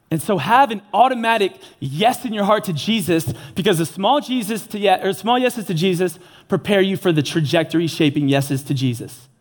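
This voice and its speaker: A man's voice: sits high, lively intonation, fairly quick. A young man giving an earnest, casual sermon, mixing slang into his preaching. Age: young adult.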